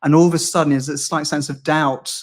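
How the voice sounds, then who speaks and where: A man's voice: on the high side, fairly even intonation, a little fast. A man from the UK, a public speaking coach, talking in a podcast interview, speaking fluently and acting out quoted lines. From United Kingdom.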